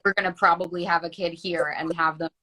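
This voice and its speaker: A woman's voice: lowish voice, flat delivery, quick pace, bright, forceful tone. Chatty American woman guest. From United States. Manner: chatty, leans heavily on "like". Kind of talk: casual chat.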